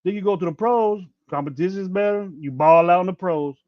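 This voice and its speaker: A sports podcast host in his fifties delivers a casual livestream rant, blunt and heavily profane, with rambling restarts. His voice sits high and moves a little fast, recorded on a dull, dry lo-fi mic with no room sound.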